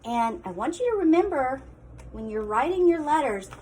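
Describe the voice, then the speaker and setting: A woman teacher reads a children's picture book aloud with expressive, sing-song storytelling. Her voice sits high and ranges widely, dropping to hushed asides now and then. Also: normal speed, slight background noise.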